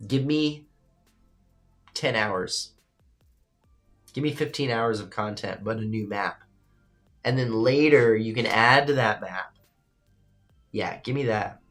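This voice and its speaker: Hosting a live-streamed radio show, a man speaks slowly with long pauses in a lowish, somewhat bright voice, faint music behind him. He reads viewer comments and gives casual, opinionated takes, cursing freely.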